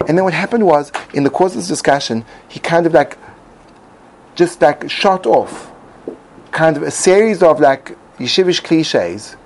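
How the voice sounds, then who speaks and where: A man's voice: on the high side, animated, moderate pace, darkish tone, rough recording. A man giving a reflective talk as host, musing aloud with frequent restarts. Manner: musing, many restarts and fillers. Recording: faint background noise.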